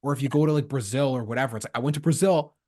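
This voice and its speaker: A man from Canada hosts a casual podcast chat, rattling through his travel stories at a quick clip. He acts out the people he quotes as he goes, and his voice sits at an ordinary middle pitch. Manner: lively storyteller acting out quoted dialogue. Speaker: podcast host.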